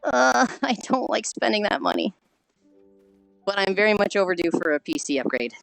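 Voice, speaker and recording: A woman streaming while she walks on a treadmill, sounding squeaky and chipmunk-like through a failing headset mic, sighing often and swearing casually as she greets viewers. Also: big pitch swings, moderate pace, gravelly, a bit bright, faint music behind, poor audio. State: walking on a treadmill while talking. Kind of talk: casual live-stream chat.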